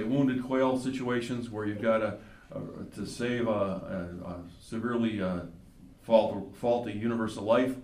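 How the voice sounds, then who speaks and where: A man's voice: medium pitch, a little mellow. Guy giving a seminar talk, folksy jokes then sales stuff, echoey hall, mic a ways off. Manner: folksy joke-telling, then brisk sales explanation. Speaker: insurance company speaker at a seminar. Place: seminar room at a breakfast event. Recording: roomy hall from far off, faint ambience.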